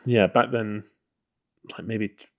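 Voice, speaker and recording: Deep-voiced man chatting about films. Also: steady tone, takes it slowly, vocal fry, darkish tone. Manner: loose and hedging, full of "you know" and "kind of". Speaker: podcast co-host. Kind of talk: casual film discussion.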